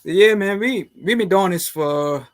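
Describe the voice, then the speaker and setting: A man's voice: high voice, normal speed. Rambling man hosting a podcast. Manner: rambling, heavy on fillers like "man" and "you know". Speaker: podcast host. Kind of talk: casual boxing chat.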